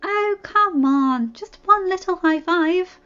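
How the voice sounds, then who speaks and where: Woman doing a bubbly high troll princess. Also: animated, takes it slowly, a bit bright, dull audio, exaggerated voice. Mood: pleading. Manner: cheerful, sing-song, pleading. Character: bubbly upbeat young female troll princess.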